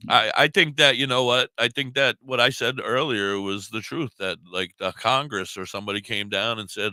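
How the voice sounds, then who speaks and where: Brief: male radio co-host, blunt rambling talker, bright, crisp and dry. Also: mid-range voice, normal speed, few pauses, dry recording. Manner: rambling, blunt, cheers and swears. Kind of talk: casual radio banter. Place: radio studio.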